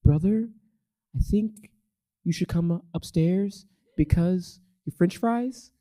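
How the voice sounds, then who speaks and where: A man doing a calm young sister. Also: lowish voice, pitched above the performer's own voice. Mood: calm warning. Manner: flat, unhurried warning. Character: calm preteen girl, worried sister.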